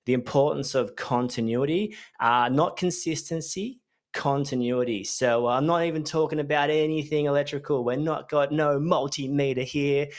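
A man's voice: a little high, normal speed. Upbeat Australian man rambling on a podcast. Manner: chatty, rambling, upbeat, self-correcting. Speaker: business coach and podcast host. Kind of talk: casual solo podcast talk.

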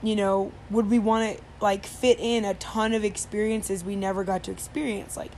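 A woman's voice: mid-range voice, little pitch movement, moderate pace, a little mellow. A woman telling a story in casual chat, rambling with many fillers and restarts, over faint background noise.

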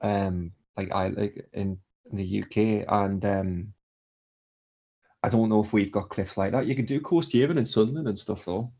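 A young man tells a long, rambling story, packed with fillers and casual swearing. His voice sits low and sounds husky. The talk is loose and chatty. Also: normal speed, warm tone. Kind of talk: casual chat.

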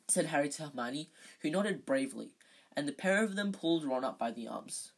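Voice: mid-range voice, lively intonation, fairly quick, slightly rough. An amateur reader reading a novel aloud casually, often stumbling and correcting themselves.

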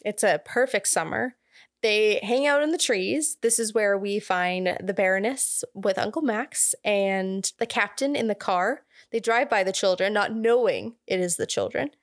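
A woman's voice: mid-range voice, a little slow, no echo, clean studio sound. A young woman co-hosting a podcast, chatting casually and laughing as she recaps a film's plot with asides. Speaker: podcast co-host. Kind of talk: casual chat recapping a film.

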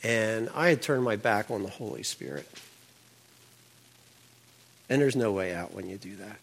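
A man's voice: lowish voice, lively intonation, a little slow, vocal fry. An older man telling an earnest personal faith testimony, his voice climbing when he relives the moment.

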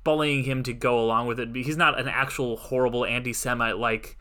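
A man's voice: medium pitch, fairly even intonation, brisk, pushed and bright, clean tone. A man co-hosting a film podcast, talking casually and rambling through his thoughts with many restarts. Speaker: podcast co-host. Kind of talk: casual film review chat.

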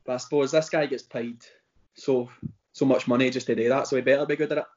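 A man's voice: mid-range voice, fairly even intonation, fast, a little mellow. A man with a Glaswegian accent chatting casually as a podcast co-host, rambling and bantering with a friend. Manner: rambling, bantering, self-interrupting. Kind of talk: casual chat. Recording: dull lo-fi recording.

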